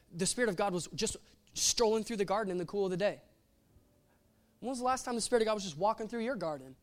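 High-voiced animated male preacher. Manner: animated, playful preaching with acted-out quotes. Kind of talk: sermon.

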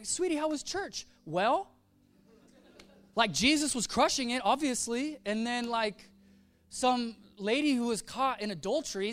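A man's voice: high-pitched, fairly bright tone. A man preaching a sermon, telling a story with casual slang and acting out the quoted voices. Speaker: pastor.

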